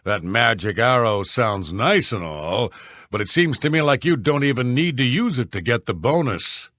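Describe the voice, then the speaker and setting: An actor voicing a series of rough male warriors, guards and sailors in video game dialogue, blunt and scornful. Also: mid-range voice, animated, moderate pace, fairly bright tone, no room sound, natural voice.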